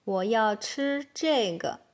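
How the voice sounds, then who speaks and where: Very slow-speaking woman teaching beginners. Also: a little high. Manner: slow, deliberate modeling of words for learners. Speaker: Chinese teacher. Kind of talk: beginner language lesson.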